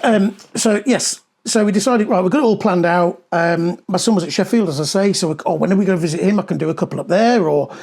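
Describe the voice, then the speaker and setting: High-voiced chatty middle-aged man. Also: quick pace, few pauses, a little mellow. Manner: chatty storyteller, many ums. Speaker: podcast co-host. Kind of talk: casual podcast chat. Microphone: clip-on mic with clothing rustle.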